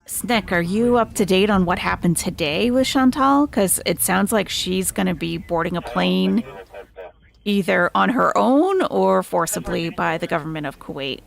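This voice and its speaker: A woman's voice: on the low side, expressive, moderate pace, gravelly. A woman hosting a casual livestream, animatedly telling a friend a gossipy story. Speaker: livestream host.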